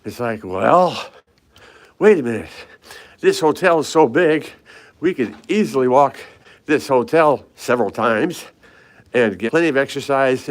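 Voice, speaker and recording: Older man vlogging while walking hotel halls. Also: mid-range voice. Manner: chatty, greets live chat viewers by name while walking. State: slightly out of breath from climbing stairs. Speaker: fitness vlogger. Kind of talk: casual live-stream walk vlog. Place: indoors, hotel hallways and stairwells.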